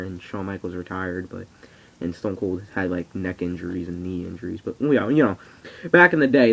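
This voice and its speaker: A teenage boy in a casual vlog, rambling excitably and swearing freely. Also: mid-range voice, rough recording. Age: teens. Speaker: vlogger. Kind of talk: casual wrestling reaction vlog. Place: at home on camera.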